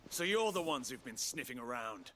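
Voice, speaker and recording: A man's voice: medium pitch, sing-song, moderate pace, sharp tone, poor audio. A man voicing a threatening male street thug in a video game.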